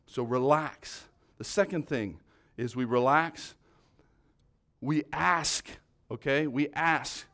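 A man giving a conversational church teaching, earnest and encouraging, rising loud then dropping soft. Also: a little high, slow, pauses often.

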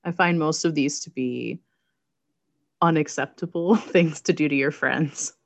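Laid-back lower-voiced woman co-host. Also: unhurried, gravelly, dry recording. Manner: wry, laid-back storytelling with filler "like". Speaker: podcast co-host. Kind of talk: casual movie-review chat.

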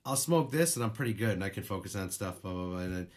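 A man's voice: low voice, animated, fast. A man co-hosting a podcast in casual chat, rambling through stories, laughing and swearing as he goes. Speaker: podcast co-host.

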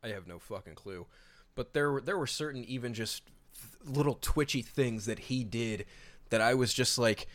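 A man's voice: mid-range voice, moderate pace. Swearing, exasperated male podcast host. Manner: profane, exasperated ranting. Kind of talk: casual podcast chat.

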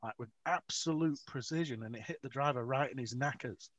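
A man's voice: mid-range voice, brisk, a bit bright, dry recording. A man, an author, telling rambling, self-mocking stories with frequent laughs in a casual interview. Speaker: author, guest. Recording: dry, dull lo-fi audio.

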